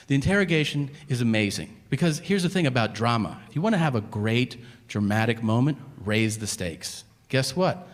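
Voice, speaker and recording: A man performing a stand-up comedy routine, telling stories in an animated way and acting out voices. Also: medium pitch. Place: theater stage before a live audience. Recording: echoey venue with audience noise. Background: audience laughter.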